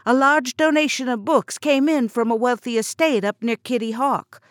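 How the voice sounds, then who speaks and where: A woman's voice: fairly high pitch, moderate pace, no room sound, pitched above the performer's own voice, lightly acted. An earnest young librarian , read by a woman, explains herself politely. Her voice sits a little above the reader's own. The sound is dry and close.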